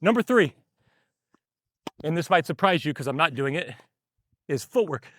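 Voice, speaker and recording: Man, tennis coach, slightly raised pitch, winded, talking between shots, dry close sound. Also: lively intonation, moderate pace, no room sound. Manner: explains while hitting, short bursts between shots. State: out of breath. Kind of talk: on-court tennis lesson while rallying. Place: outdoor tennis court.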